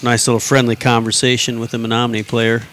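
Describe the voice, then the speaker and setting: A man adding relaxed, joking color commentary to a local high school hockey broadcast. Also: fast talker, soft background music.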